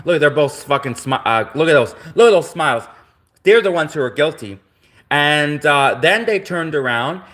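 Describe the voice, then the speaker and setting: A man's voice: on the high side, fairly bright tone. Agitated man from Canada, ranting. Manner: agitated, repetitive, accusatory ranting. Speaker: livestreamer. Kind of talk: livestream rant.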